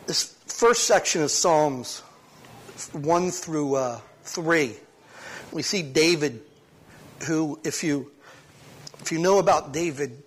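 Man preaching a short sermon, slightly high voice. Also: slow, long pauses, breathy edge. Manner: conversational, with frequent restarts and sudden swings in loudness. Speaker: pastor. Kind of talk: sermon with scripture reading. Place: church service.

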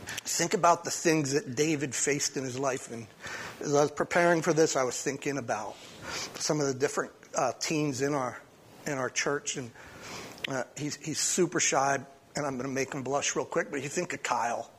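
A pastor reading a psalm aloud and then preaching a short sermon at a church service, talking conversationally with frequent restarts. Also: male voice, medium pitch, normal speed, a little hiss or hum. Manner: conversational, with frequent restarts and sudden swings in loudness.

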